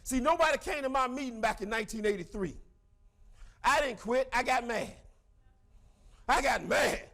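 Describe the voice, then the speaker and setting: A middle-aged man giving a fiery, preacher-like motivational speech to a crowd, breaking into shouts. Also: very high voice, lively intonation, moderate pace, creaky. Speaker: motivational speaker.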